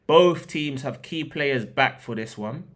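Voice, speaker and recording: A man's voice: mid-range voice, animated, slow, a bit bright. A man hosting a football podcast, reading match previews from a script with joking asides and restarts.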